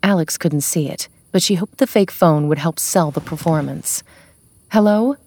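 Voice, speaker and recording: A woman narrating a suspense audiobook in a steady, measured way. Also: deep voice, slightly rough.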